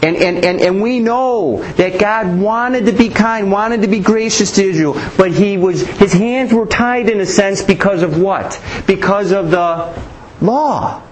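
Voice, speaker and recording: A man's voice: high-pitched, unhurried, slight background noise, low-quality recording. A man preaching a Bible teaching sermon, asking rhetorical questions and often restarting his sentences.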